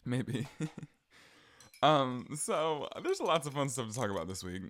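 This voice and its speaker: A man's voice: mid-range voice, very animated, unhurried, fairly bright tone. A young man with a Southern accent, chatting casually on his solo podcast with frequent ums and likes. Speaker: podcast host.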